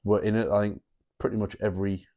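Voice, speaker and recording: Male podcast co-host, relaxed and profane, lowish and warm. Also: fast. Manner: relaxed, sweary, rambling banter. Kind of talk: casual sports chat.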